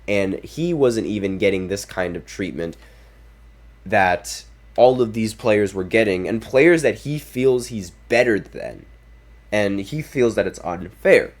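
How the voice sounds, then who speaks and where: A man with a deep, low voice hosts a basketball podcast. He gives opinionated, casual commentary and reads quotes aloud, adding apologetic asides. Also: animated, measured pace. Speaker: podcast host.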